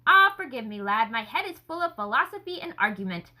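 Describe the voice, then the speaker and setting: A woman voicing an earnest, enthusiastic gentleman scholar in a story reading, speaking effusively. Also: a little high, sing-song, brisk, heavily acted, poor audio. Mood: eager.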